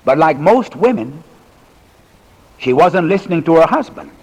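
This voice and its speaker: Older male pastor, sixties, folksy sermon delivery with jokes and pauses, husky, long reverb. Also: a little high, very animated. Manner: folksy humorous preaching with dramatic pauses. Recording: reverberant hall recording.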